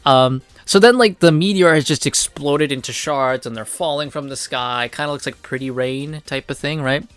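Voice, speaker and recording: A man with a slightly high voice, recorded dry and close, walks through a comic book in a loose, rambling way. He swears freely and leans on filler words, like a casual reviewer talking to his own channel. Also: moderate pace, clear, resonant tone, no echo.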